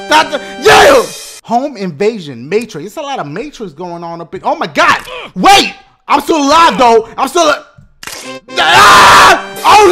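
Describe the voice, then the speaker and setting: A young man giving loud, hyper gameplay commentary, swearing and shouting often. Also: high voice, gravelly, noisy background. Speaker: gaming YouTuber.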